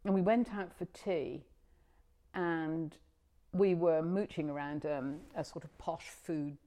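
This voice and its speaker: Low-voiced older woman reminiscing. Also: steady tone, takes it slowly, mellow. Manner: chatty, rambling with many restarts and fillers. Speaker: interviewee. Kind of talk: oral history interview.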